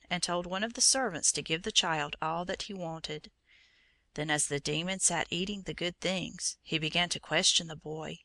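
A woman reading a saint's storybook aloud in a measured, gentle storytelling manner. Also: fairly low pitch, no echo. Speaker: reader. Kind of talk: storybook narration.

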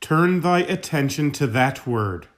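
Brief: male reader, slightly high voice, slow and solemn, reading a sermon aloud. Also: expressive. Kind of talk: scripted reading of a sermon text.

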